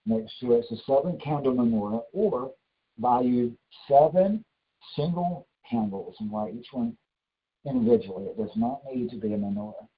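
Guy pastor giving a sermon, slow and emphatic, kinda dull muffled recording. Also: mid-range voice, lively intonation. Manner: slow, emphatic, repeats instructions. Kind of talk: sermon with announcements.

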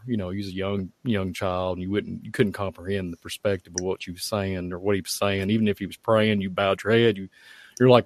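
A man, giving a halting, heartfelt personal testimony at a prayer meeting. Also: low-pitched, fairly even intonation, no room sound. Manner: halting, heartfelt, many fillers. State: tearful at times.

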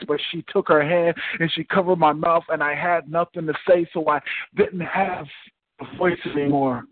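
A man's voice: fairly high pitch, steady tone, moderate pace, dry recording. A man performing an impassioned spoken word poem after some hesitant small talk. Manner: hesitant, soft-spoken chat before reading; dramatic, rising, impassioned recitation. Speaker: guest poet. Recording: tinny phone line.

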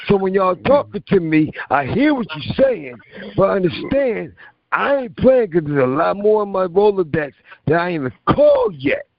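A man's voice: sits high, huge pitch swings, normal speed, creaky. A man hosting a call-in radio show, talking in a rambling, emphatic, slangy way. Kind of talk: casual call-in radio chat. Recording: muffled internet radio stream.

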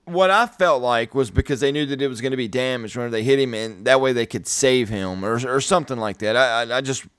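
A man's voice: medium pitch, fast talker, a bit bright, clear, resonant tone, no room sound, studio quality. A man co-hosting a podcast, chatting about a film in a rambling, conversational way with many restarts. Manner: rambling, repeats words, conversational. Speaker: podcast co-host. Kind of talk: casual movie review chat.

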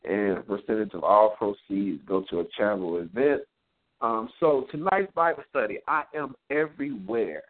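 A man's voice: on the low side, expressive, normal speed. A man hosting a live Bible study, teaching in a preacherly way and punctuating his points with "amen.". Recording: tinny phone-line audio.

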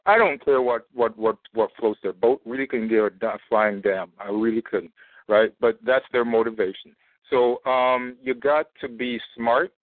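A riled-up man talks on a call-in line, circling back and repeating his points. His voice sits at a middling pitch and comes through thin and tinny, as over a phone. The sound is dry and close. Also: steady tone, normal speed, no room sound. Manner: rambling, worked up, repeats himself. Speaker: caller. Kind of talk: emotional call-in monologue.

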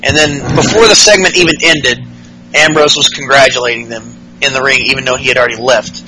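A man's voice: medium pitch, a little fast, background noise. A male podcast host recapping wrestling casually, rambling and profane, with lots of fillers.

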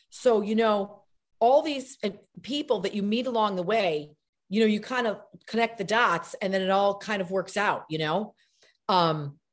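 A middle-aged actress being interviewed, chatting and telling animated stories with acted-out voices. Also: female voice, medium pitch. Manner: animated storyteller, acts out voices. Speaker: guest actress. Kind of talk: casual interview chat.

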